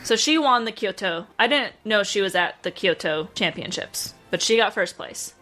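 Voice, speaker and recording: A woman's voice: medium pitch, lively intonation, moderate pace, sharp tone. A young woman hosting a reaction video, rambling in casual commentary and getting tearful and emotional as she talks. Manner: rambling, emotional, laughs between thoughts.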